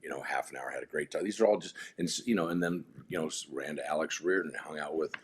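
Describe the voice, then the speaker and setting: A middle-aged man telling rambling, animated stories in a casual podcast chat, often restarting his sentences. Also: extremely low pitch, fast, breathy edge. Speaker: podcast guest.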